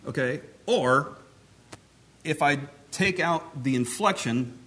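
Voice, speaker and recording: A man's voice: medium pitch, a little slow, a bit bright. A man preaching a teaching sermon in a conversational way, explaining points plainly and talking with his hands. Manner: conversational, talks with his hands, many restarts.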